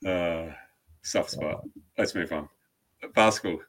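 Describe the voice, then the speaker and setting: A man's voice: deep voice, slow, a bit bright. A man co-hosting a podcast, giving short, dry reactions in casual chat. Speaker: podcast co-host.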